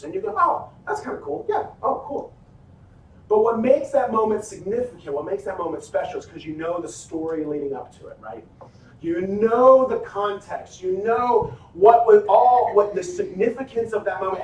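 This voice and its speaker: A pastor telling a lively personal story in a sermon, acting out his own quotes. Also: high-pitched, distant mic. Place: church hall. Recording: echoey hall, faint noise.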